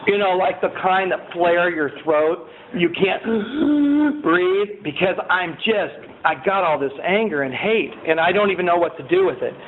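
Man giving a recovery testimony, high-pitched and animated, lots of fillers, tinny phone-line sound with a faint hiss. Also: measured pace, hardly any pauses. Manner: animated storyteller, with many fillers, who raises his voice when reliving scenes. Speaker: speaker sharing his recovery story. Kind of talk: personal testimony talk.

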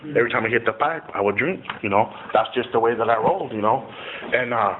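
A middle-aged man with a mid-range voice talks fast as he casually shares his recovery story, rambling and profane and full of "you know" fillers. It sounds tinny and phone-like, with a faint hiss.

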